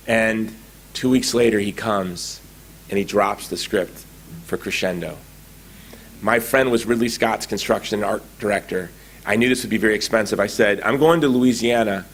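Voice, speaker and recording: A middle-aged man giving a conference talk, telling a story with lively acted-out quotes. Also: fairly low pitch, normal speed. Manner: animated storytelling, acting out quoted dialogue. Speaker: conference speaker. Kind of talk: anecdotal public talk. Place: conference hall.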